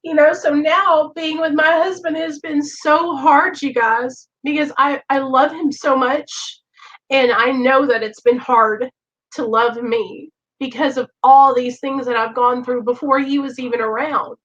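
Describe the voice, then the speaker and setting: Earnest high-voiced woman. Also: steady tone, measured pace, fairly bright tone. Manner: emotional, earnest, keeps addressing viewers. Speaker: host of a recovery livestream. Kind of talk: heartfelt direct-to-camera talk. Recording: dull lo-fi recording.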